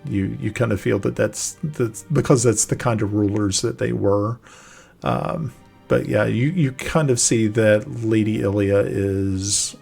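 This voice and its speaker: Low gravelly guy being the game master, keeps stopping and restarting sentences. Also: a little mellow. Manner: halting, searching for words mid-sentence. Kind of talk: narrating a tabletop game.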